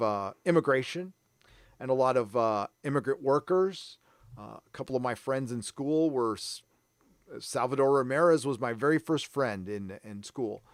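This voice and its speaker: A man's voice: medium pitch, clear, resonant tone, dry recording, clean studio sound. A man from San Diego hosting a live stream, chatting casually in a rambling, self-deprecating way. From San Diego, California. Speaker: livestream host.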